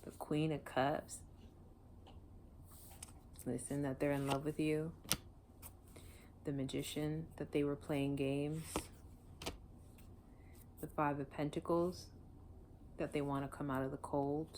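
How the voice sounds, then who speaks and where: A woman's voice: sits low, little pitch movement, slow, long pauses, noisy background. A woman doing a casual tarot reading, blunt and emotional, swearing freely. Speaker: tarot reader.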